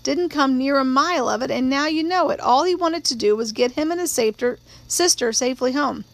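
A woman's voice: high-pitched, a little fast, no room sound. A woman reading a stubborn small-town sheriff. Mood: earnest.

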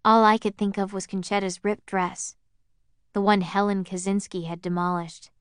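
A woman reading a first-person story aloud as an audiobook narrator, in an even, measured way. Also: medium pitch, clear, resonant tone, dry recording, studio quality.

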